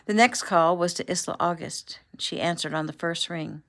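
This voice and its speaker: A woman author reading her own book aloud in a relaxed, unpolished way, clearing her throat now and then. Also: on the low side, normal speed. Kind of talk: casual audiobook narration. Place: home room.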